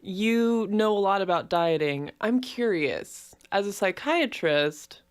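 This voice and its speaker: A woman co-hosting a casual chat, relaxed and quick to laugh, with lots of "like" fillers. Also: medium pitch, clear, resonant tone. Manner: laughs easily, relaxed filler-heavy talk. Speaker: podcast co-host.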